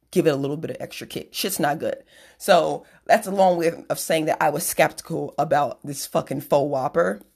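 A young adult woman hosting a podcast, ranting in a blunt, sarcastic, profane way with self-deprecating asides. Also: deep voice. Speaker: podcast host. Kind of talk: profane solo rant.

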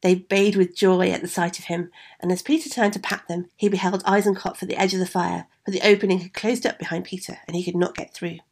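A woman reading a fairy tale aloud in a measured, expressive way. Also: lowish voice, slightly rough. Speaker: storyteller.

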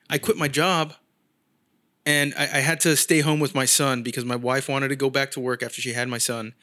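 A man's voice: mid-range voice, fairly even intonation, normal speed, bright, forceful tone. A man in casual chat, telling a long story and acting out the people he quotes, swearing freely. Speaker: guest artist.

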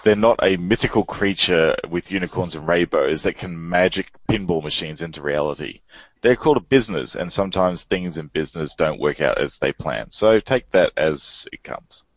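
A man's voice: deep voice, lively intonation, moderate pace, no echo, lo-fi sound. A man co-hosting a podcast in casual chat, making wry, opinionated remarks. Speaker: podcast co-host.

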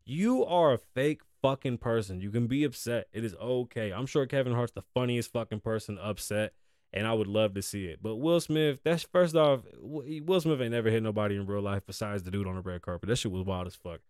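A man hosting a podcast in casual chat, blunt and profane, shifting between low, weary venting and loud, hyped bursts. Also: fairly quick, no room sound, studio quality. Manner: profane, blunt and frank, slangy. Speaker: podcast host.

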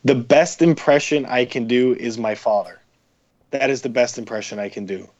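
A man's voice: mid-range voice, normal speed, darkish tone, muffled recording. A man, a podcast guest, chatting casually in a rambling, profane way with many fillers. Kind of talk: casual chat.

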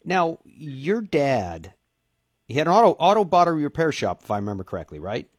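A man's voice: on the high side, big pitch swings, normal speed, no room sound. Guy hosting an interview, dry close mic, long eager questions. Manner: enthusiastic, long winding questions. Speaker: interview host. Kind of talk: interview podcast.

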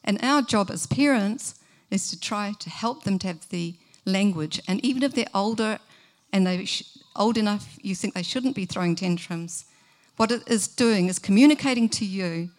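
A woman's voice: mid-range voice, moderate pace. A middle-aged woman, giving a sermon in an earnest, conversational way and asking the listeners questions. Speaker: preacher.

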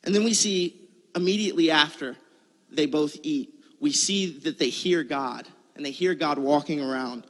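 A man's voice: on the high side, normal speed, long reverb tail. A man giving a conversational sermon, telling a personal story in a casual, earnest way. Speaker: preacher.

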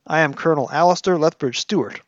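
Man reading as an amused, precise army colonel; crisp military delivery, dry lo-fi sound. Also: a little high, fast, dry recording, close to an everyday voice. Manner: crisp, clipped military speech.

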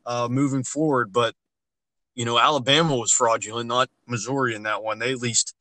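A man's voice: medium pitch, steady tone, brisk, sharp tone, no room sound, rough recording. A man co-hosting a casual sports podcast, ranting bluntly about college basketball and swearing freely. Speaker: podcast co-host.

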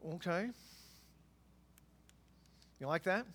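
A man preaching a sermon, swinging between quiet asides and loud, emphatic passages. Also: sits high, animated, drawn-out words. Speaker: pastor.

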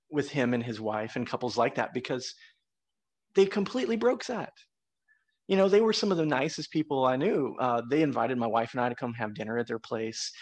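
A middle-aged man hosting a podcast in easy conversation. His voice sits at an ordinary middle pitch. He tells stories in a meandering way, full of uh and you know. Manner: rambling storyteller, frequent uh and you know. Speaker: podcast host. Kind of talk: casual conversation.

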